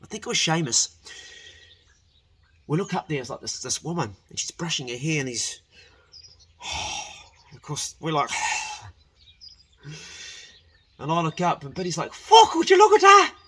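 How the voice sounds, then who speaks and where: A man's voice: fairly high pitch, animated, unhurried, long pauses, pushed and bright, husky. A man telling a rambling personal story in a casual way, often correcting himself and laughing as he goes.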